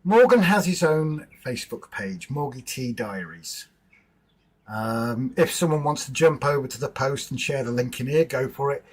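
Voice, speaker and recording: Husky-voiced man hosting a chatty stream. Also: medium pitch, animated, normal speed, poor audio. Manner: chatty, greets and answers viewers in the chat; informal banter with his partner. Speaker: livestream host. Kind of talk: casual livestream chat.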